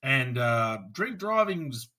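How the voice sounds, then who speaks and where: An Australian man co-hosting a podcast, telling lively courtroom stories in casual chat and acting out what people said. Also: mid-range voice, takes it slowly. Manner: animated anecdotes, acts out courtroom voices, swears. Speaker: podcast co-host, police officer.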